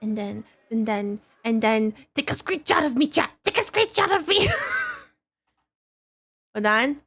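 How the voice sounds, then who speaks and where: Giggly high-pitched woman streamer. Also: unhurried, husky. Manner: giggly, excitable, laughs often. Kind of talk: casual live-stream chat.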